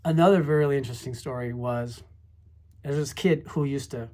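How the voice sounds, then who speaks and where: A middle-aged former high school teacher telling classroom stories in a rambling, reflective way, full of asides. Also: normal speed, mellow. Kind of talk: casual storytelling monologue.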